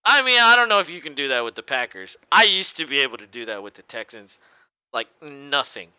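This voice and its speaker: A sports podcast co-host rants casually and animatedly, swearing a lot and doing mocking impressions. His medium-pitched voice moves a little fast and sounds clean without echo, though the overall sound is lo-fi.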